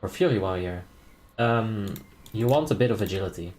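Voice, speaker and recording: A man's voice: on the low side, lively intonation, moderate pace, darkish tone, a little hiss or hum. Laid-back young man streaming a raid. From Netherlands. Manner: laid-back, joking, reads chat aloud and laughs often. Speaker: game streamer. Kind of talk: casual live-stream chat and raid calling.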